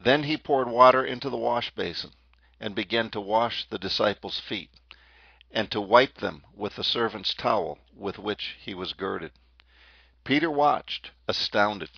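Gravelly man preaching a dramatic sermon. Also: lowish voice, animated, no echo. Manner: dramatic storytelling, slows on key phrases. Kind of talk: sermon narration retelling scripture. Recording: dull, dry lo-fi recording.

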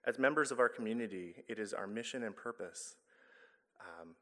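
A man's voice: fairly low pitch, normal speed, sharp tone. A man giving an earnest, conversational talk to a church congregation, telling a personal story with some stumbles and self-corrections. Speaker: guest speaker, charity director. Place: church sanctuary. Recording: long reverb of a church hall.

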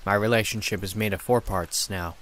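Man, horror story narrator, low voice, steady dramatic reading, faint noise. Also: a little fast.

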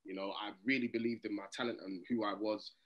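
A man's voice: on the low side, steady tone, fast talker, lo-fi sound. A man with a London accent, a comedian guest in a casual interview, telling stories with animation and acting out the voices of people he quotes. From England.

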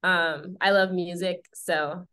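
A woman's voice: lowish voice, slow. A young woman, a college basketball player, answering casually and loosely with lots of filler words over a video call. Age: young adult. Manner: relaxed, full of filler words.

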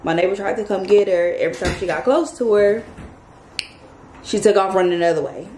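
A woman vlogger telling a story to her viewers in a casual, animated, chatty way. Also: mid-range voice, brisk. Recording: echoey room, faint background noise.

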